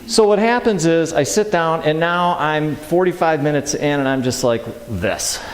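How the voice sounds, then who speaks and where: A middle-aged man giving a sermon in a church, telling a personal story in an animated way and acting out his own reactions. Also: on the high side, moderate pace, a little hiss or hum. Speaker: speaker at a church service. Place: large church hall. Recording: echoey hall with long reverb.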